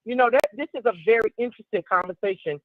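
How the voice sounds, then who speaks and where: A woman calling in to a radio show, sharing her opinion in a measured, reflective way. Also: fairly high pitch, dry recording. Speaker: caller. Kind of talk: call-in radio commentary. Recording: dull call-in phone line.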